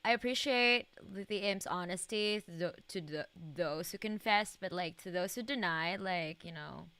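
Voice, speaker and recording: A young woman streamer chatting over a game in a rambling, profane way, full of fillers and quick laughs. Her voice is bright and crisp, recorded dry and close. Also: lowish voice, no echo. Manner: rambling, swearing, many "like" fillers; laughs often. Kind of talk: casual live-stream gaming chat.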